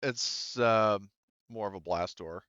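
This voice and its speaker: A man with a low, smooth, resonant voice narrates a tabletop game as its game master, often pausing with ums and restarting his sentences. The sound is dry and close, with a slightly dull, lo-fi quality. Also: fairly bright tone, dry recording. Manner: hesitant, many ums and restarts while describing scenes.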